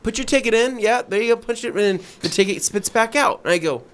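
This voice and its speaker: Man, podcast co-host, casual storytelling, animated, acts out dialogue, slightly high voice. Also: quick pace, clean tone.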